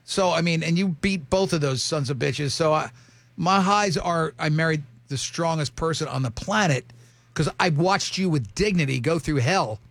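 A man in his fifties tells rambling, animated stories about his long marriage. His voice sits a little high with a gravelly edge. The sound is close and dry. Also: moderate pace, no echo. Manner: rambling, animated storyteller with many restarts. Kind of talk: casual chat.

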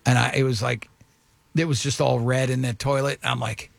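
A man's voice: medium pitch, little pitch movement, moderate pace, vocal fry. A middle-aged man hosting a casual chat, full of jokey, laughing banter. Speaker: host.

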